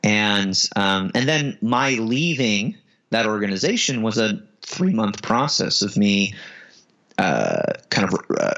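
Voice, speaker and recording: A man's voice: on the low side, animated, slow pace, fairly bright tone. A male podcast guest telling a reflective story in casual conversation. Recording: dull lo-fi audio.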